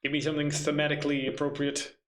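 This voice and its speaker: A man's voice: fairly high pitch, completely flat delivery, quick pace, a bit bright. A man running a tabletop game, muttering and swearing to himself as he hunts for his notes. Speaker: game master.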